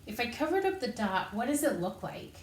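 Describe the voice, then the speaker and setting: A woman's voice: fairly high pitch, very animated, a little fast, a little hiss or hum. A woman teaching an elementary music lesson, patiently explaining and counting rhythm syllables aloud while she moves. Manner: encouraging, patient teacher talk. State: out of breath. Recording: echoey room, voice from a distance.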